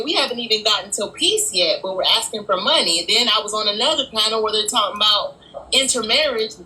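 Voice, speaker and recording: A woman, speaking in a measured, hesitant way in casual chat. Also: medium pitch, sharp tone, low-quality recording.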